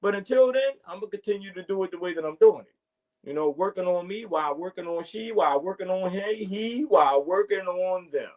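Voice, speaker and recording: A man's voice: high-pitched, expressive, a little fast, darkish tone. A man hosting his own morning podcast, delivering a profane, confrontational and preachy monologue straight to his listeners, repeating catchphrases as he goes. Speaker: podcast host. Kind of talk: solo morning podcast rant.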